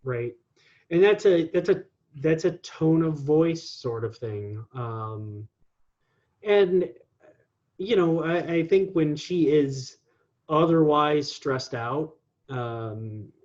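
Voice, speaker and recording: A man's voice: a little high, takes it slowly, darkish tone, muffled recording. A man in his forties, a guest talking casually in an interview, rambling with lots of ums and restarts. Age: 40s.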